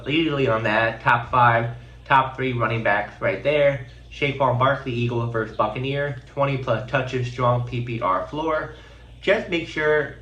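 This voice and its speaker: A man's voice: mid-range voice, a bit bright. Sick male host, stuffy and nasal, loose chatty delivery with uh and um, roomy, slightly dull recording. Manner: casual, halting, many fillers. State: sick and congested. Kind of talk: fantasy football picks rundown.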